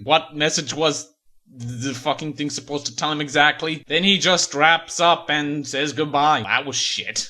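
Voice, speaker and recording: Man, sarcastic, sweary, bright forceful tone, comedic story review. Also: a little high. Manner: sarcastic, profane ranting. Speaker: creepypasta reviewer. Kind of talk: comedic creepypasta reading and review.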